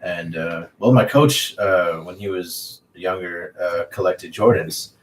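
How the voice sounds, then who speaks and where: A man's voice: deep voice, slow pace. A man co-hosting a podcast, telling a laid-back anecdote. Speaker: podcast co-host. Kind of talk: casual chat, anecdote. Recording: distant mic with faint background noise.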